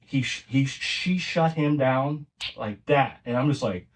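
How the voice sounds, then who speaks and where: This middle-aged podcast guest tells family anecdotes conversationally, wandering and often starting over. His medium-pitched voice is a little slow and captured on a distant mic.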